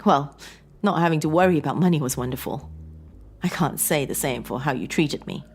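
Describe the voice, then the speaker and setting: A woman voicing an estranged wife who is pleading and tearful, a little higher and louder than her narration. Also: expressive, a little fast, creaky, slight background noise. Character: grieving estranged wife, adult woman, clingy and sorrowful.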